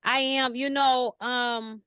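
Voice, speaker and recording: A woman with a bright, forceful voice and a slightly high pitch tells stories in an animated, slangy way. Her voice is recorded dry and close, with no room sound. She is chatting casually in an interview. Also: takes it slowly, smooth, no room sound. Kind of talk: casual conversation.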